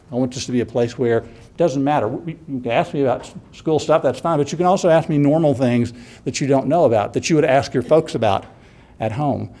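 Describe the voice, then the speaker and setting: Man, workshop presenter, conversational, chuckling, mid-pitched voice. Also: warm tone. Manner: conversational, chuckles often, acts out student questions. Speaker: workshop presenter for college instructors. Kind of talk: casual workshop talk.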